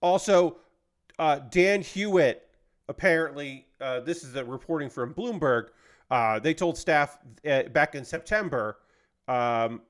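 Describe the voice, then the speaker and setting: A man's voice: mid-range voice, takes it slowly, clean tone. A man hosting a live stream, chatting casually while building a model kit, rambling with lots of fillers. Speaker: livestream host.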